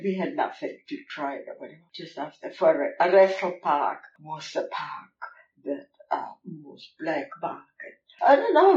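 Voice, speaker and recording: A woman's voice: deep voice, a little mellow. Older woman, rambling. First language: German. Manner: rambling, halting, many fillers. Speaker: interviewee. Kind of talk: reminiscing interview. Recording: roomy, distant, dull lo-fi recording.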